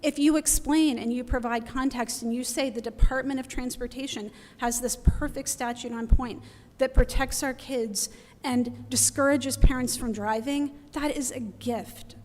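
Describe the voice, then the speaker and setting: Woman, middle-aged, near tears, pleading, higher voice, long hall reverb. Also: steady tone, moderate pace, darkish tone. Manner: pleading, emotional, urgent. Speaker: resident giving public comment. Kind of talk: impassioned public comment. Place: council meeting hall.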